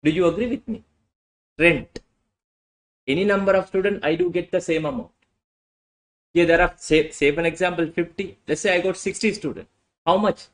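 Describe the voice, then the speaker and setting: Guy lecturing a class, keeps asking what? then answers, voice a bit high. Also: moderate pace, pauses often, poor audio. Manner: rhetorical "what?" questions answered himself. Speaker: accounting lecturer.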